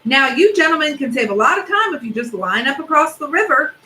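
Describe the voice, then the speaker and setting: A calm, clever man from a storybook, as a woman reading aloud voices him, friendly and coaxing as he persuades others. The voice sits a little higher than usual, with a bright, clear tone. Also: fairly quick, reverberant, slight background noise, full character voice, poor audio.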